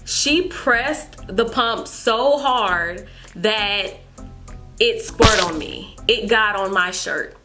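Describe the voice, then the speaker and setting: A young adult woman vlogger telling a storytime to her viewers in an animated way, repeating herself as she goes. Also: medium pitch, drawn-out words, faint music behind. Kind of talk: storytime vlog chat.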